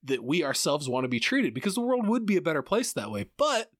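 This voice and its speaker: A man's voice: a little high, big pitch swings, brisk, no room sound, studio quality. A man in casual podcast conversation, thinking aloud reflectively with frequent restarts. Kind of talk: casual chat.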